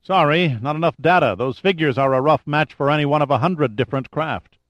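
A man doing a groggy, raspy night-shift tech. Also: a little high, a little fast, a bit bright, dry recording, highs cut off, pitched above the performer's own voice, natural voice. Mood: grumbling. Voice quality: raspy over a speakerphone. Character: groggy, grumbling male data technician woken at night.

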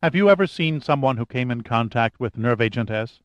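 A man's voice: medium pitch, lively intonation, brisk, no echo, lo-fi sound, close to an everyday voice. A man voicing a stern, determined woman scientist who speaks impatiently and sharply in an audiobook.

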